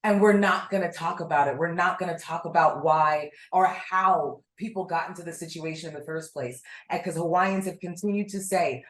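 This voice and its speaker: A woman co-hosting a casual podcast, blunt and animated, swearing freely as she rants. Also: on the low side, moderate pace, hardly any pauses, reverberant. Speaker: podcast co-host.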